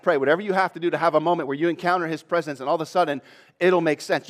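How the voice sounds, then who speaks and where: Man preaching a sermon with rising intensity. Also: on the high side. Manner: expository preaching, reads scripture then comments, acts out quoted voices.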